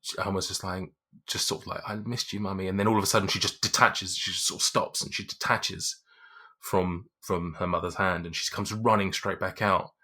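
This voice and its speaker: A man with a low, husky voice narrating a tabletop game as game master. His tone is bright and forward, and he rambles along with lots of fillers. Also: steady tone, brisk. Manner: rambling, full of 'like' and 'um'.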